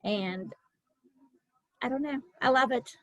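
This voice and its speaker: A woman's voice: high voice, takes it slowly, a bit bright, no room sound, poor audio. A woman on a team video call, sharing her story hesitantly with many fillers. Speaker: team member. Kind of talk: casual personal story.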